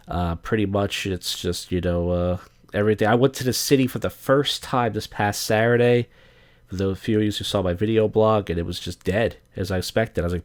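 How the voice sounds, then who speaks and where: Man, thirties, podcast host, low-ish voice, crude, swears a lot, uh-filled rambling. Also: steady tone, moderate pace. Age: 30s. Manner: crude, profane, digressive with many fillers. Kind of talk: casual rambling monologue.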